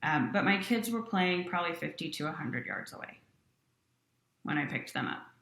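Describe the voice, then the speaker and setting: Woman guest, low pitch, bright forceful tone, roomy echo; earnest storyteller. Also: normal speed, vocal fry. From Utah. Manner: earnest, animated storytelling with quoted voices. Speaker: company president, guest. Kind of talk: personal storytelling in interview.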